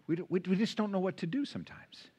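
A high, slightly rough male voice talks fast as a pastor preaches his sermon from a church pulpit. He brings his stories to life by acting out the people's voices, speaking into a pulpit mic in the sanctuary.

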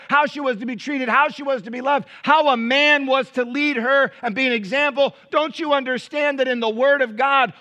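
A man preaching a sermon as pastor, animated, firing rhetorical questions and dropping to quiet asides. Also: very high voice, highs cut off.

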